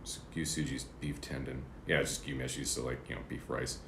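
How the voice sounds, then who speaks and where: A man's voice: very deep voice, little pitch movement, brisk, vocal fry, noisy background. A man livestreaming from his apartment room, chatting casually and rambling while he eats breakfast. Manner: rambling, chatty, eating between words. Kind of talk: casual chat. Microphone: streaming setup. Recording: roomy apartment echo.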